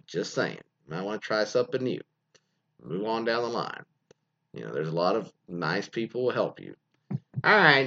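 A man hosting a loose comedic show, rambling through listener stories with constant fillers, restarts and laughs. His pitch swings widely from phrase to phrase. The recording is dull and lo-fi. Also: very animated, moderate pace, creaky, pushed and bright. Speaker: host reading listener stories. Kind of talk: casual comedic commentary.

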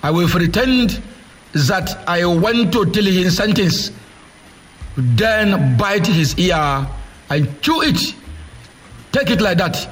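A man's voice: high-pitched, expressive, takes it slowly, breathy edge. A man with a Nigerian accent giving an indignant political monologue, firing off repeated rhetorical questions and slipping into Nigerian Pidgin. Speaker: political commentator. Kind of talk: impassioned monologue.

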